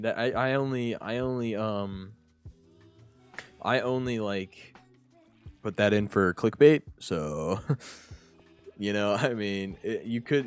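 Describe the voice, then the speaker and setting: A man streaming a game, rambling and mumbling to himself, often trailing off mid-sentence. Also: lowish voice. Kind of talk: casual gameplay commentary.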